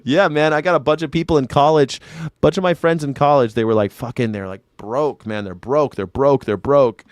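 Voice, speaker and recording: A man's voice: medium pitch, a little fast, no echo, studio quality. A man doing casual livestream commentary, rambling and profane as he answers viewers by name. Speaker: independent news and culture commentator. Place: home in Southern California.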